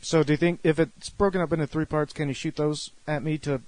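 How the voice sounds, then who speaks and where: A man on a casual review podcast, adding quick, matter-of-fact remarks. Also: fairly high pitch, fairly even intonation, darkish tone, no room sound. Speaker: podcast co-host.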